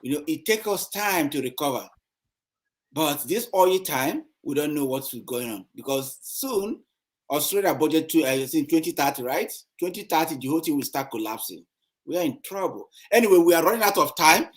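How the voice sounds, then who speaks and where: A man with a slightly high voice hosts a relaxed conversation. He talks loosely and checks in with questions. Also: normal speed. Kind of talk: casual chat.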